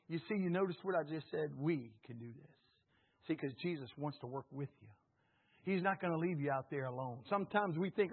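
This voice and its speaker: Husky-voiced preacher on a tinny broadcast. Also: male voice, fairly high pitch, animated, fairly quick. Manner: fervent, rising to shouts and dropping to a hush; calls on the congregation to repeat after him. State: slightly hoarse. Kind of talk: sermon.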